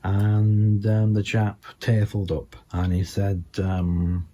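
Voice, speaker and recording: An older man with a Scouse accent doing deadpan stand-up storytelling, halting with many ums and you-knows. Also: lowish voice. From England. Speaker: stand-up comedian.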